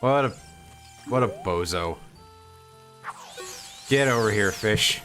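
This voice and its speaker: Lively, jokey man streaming a game. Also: lowish voice, takes it slowly, long pauses, faint music behind. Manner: jokey, self-deprecating, laughs often. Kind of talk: casual game-stream chat.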